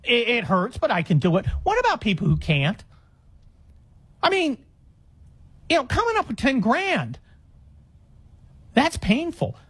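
Animated man in his sixties, radio host. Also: extremely high pitch, unhurried, pauses often, breathy edge. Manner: animated, exasperated, rambling with restarts. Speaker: radio talk show host. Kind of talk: call-in radio monologue. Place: Los Angeles area radio studio.

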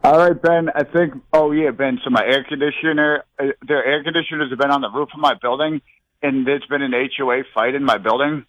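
A man's voice: mid-range voice, steady tone, fairly quick, a bit bright, no room sound, low-quality recording. A young man calling in to a radio show, out of breath, rambling in a scattered way. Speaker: regular caller. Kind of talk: rambling phone-in call.

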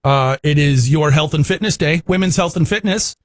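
A man's voice: fairly high pitch, normal speed, dry recording, clean studio sound. A man co-hosting a morning radio show, joking around in casual banter and stumbling over his words now and then.

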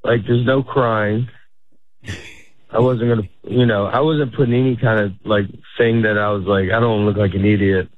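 A man's voice: lowish voice, fairly even intonation, moderate pace, dry recording. A middle-aged man, a stand-up comedian, chatting casually in an interview, rambling and restarting his sentences, laughing often. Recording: tinny phone-like sound.

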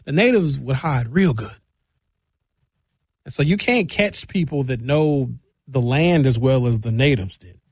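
A male host giving casual, opinionated call-in commentary in an animated, joking way. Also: medium pitch, unhurried, slightly rough, no room sound.

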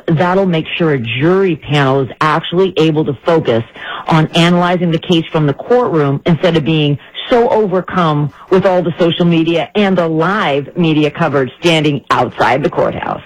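A woman attorney, a guest on a talk radio show, explaining legal points in a measured way, often saying "you know". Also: on the low side, no room sound, lo-fi sound.

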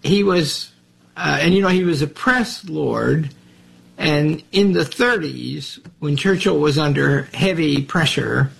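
A man being interviewed on the radio, speaking hesitantly with a gravelly, husky voice. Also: on the high side, a bit bright, low-quality recording. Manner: halting, hesitant with fillers. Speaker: interview guest.

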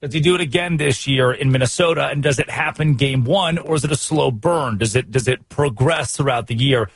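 An American man hosting a sports radio show, talking fast and emphatic with strings of rhetorical questions. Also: mid-range voice, breathy edge, no echo. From United States.

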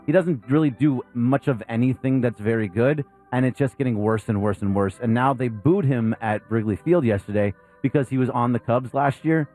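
Sports radio co-host, man, medium pitch, blunt and animated, faint music underneath. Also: moderate pace, hardly any pauses. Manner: blunt, animated, mocks players with put-on whiny voices. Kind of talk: casual sports talk.

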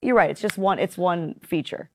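A woman with a low voice chatting on a talk show panel, laid-back and quick to laugh. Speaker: panel guest. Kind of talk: casual panel banter.

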